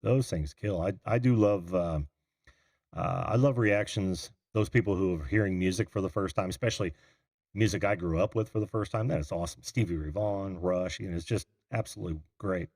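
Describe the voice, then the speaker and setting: Here a middle-aged host of a call-in livestream talks in a low-pitched, brisk, slightly mellow voice, wandering casually between topics and answering chat comments. The sound is clean and studio-like with no echo, picked up by a computer mic on a video call.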